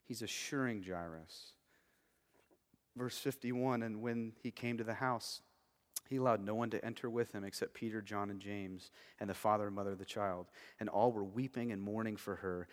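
A man preaching an expository sermon, swinging between loud emphatic stretches and very quiet passages, checking in with listeners with "okay" and "right". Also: lowish voice, normal speed. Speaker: pastor. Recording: long hall reverb.

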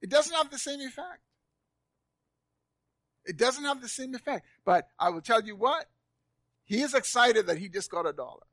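In a church sanctuary before a live congregation, a high-pitched pastor preaches expressively at a moderate pace with long pauses, his volume swinging from near-whispers to loud, phrases repeated for emphasis. It's captured close and dry.

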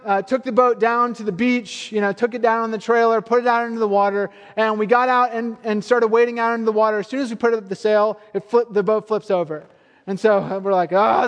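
A man with a high, light voice preaches a sermon in a relaxed, storytelling way, as if chatting with the congregation. His words ring out with a long reverb from a large hall. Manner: storytelling, conversational and earnest. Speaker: pastor.

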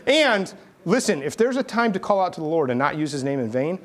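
A man preaching a sermon as pastor, telling stories in a casual, animated, conversational way. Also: a little high, a little fast. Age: adult, army veteran.

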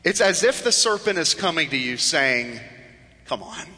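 A man preaching a sermon in a church. He acts out the tempter's mocking voice in low, hushed tones. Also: big pitch swings, moderate pace. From South Florida. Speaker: pastor. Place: church sanctuary. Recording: reverberant church hall.

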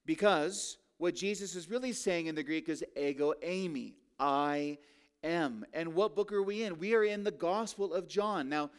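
A man with a fairly high voice delivers an expository sermon from the pulpit. He builds his points through rhetorical questions and slows down to draw out key words for emphasis. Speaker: pastor.

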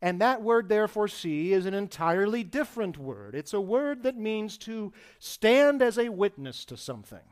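A male pastor preaching an expository sermon to his congregation, rising to loud emphasis and dropping to a hushed, tender tone. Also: high-pitched, very animated, moderate pace, hardly any pauses, clear, resonant tone.

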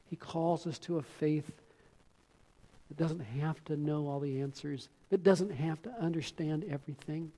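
A man's voice: on the high side, unhurried, warm tone. A man preaching a sermon, telling a story earnestly and often repeating words.

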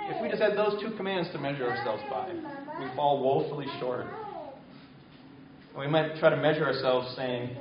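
A man's voice: a little high, moderate pace, a crowd in the background. A man preaching a sermon in a church, speaking conversationally and asking the congregation questions. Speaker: pastor. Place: church sanctuary. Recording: echoey hall from far off, dull sound.

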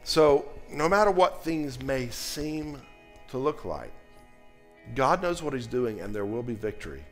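Man preaching with big swings in loudness. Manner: dynamic preaching, swinging from loud emphasis to soft, low delivery. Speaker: pastor. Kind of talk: sermon.

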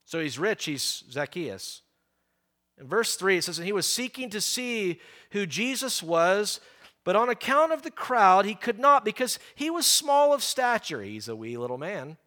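A man preaching a sermon, lively and animated, acting out the people in the story. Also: fairly high pitch. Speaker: pastor.

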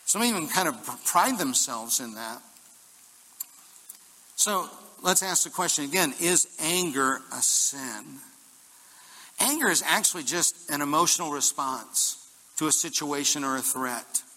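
Pastor, male, bright forceful voice, upbeat joking sermon, long hall reverb. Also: on the high side, a little slow. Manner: lively, jokey preaching with congregation call-and-response. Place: church hall.

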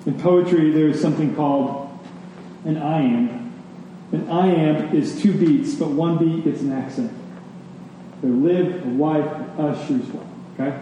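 A man's voice: on the high side, dark tone, lo-fi sound, slight background noise. A man preaching a sermon as a pastor, emphatic and rhythmic, leaning on key words. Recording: echoey hall, distant mic.

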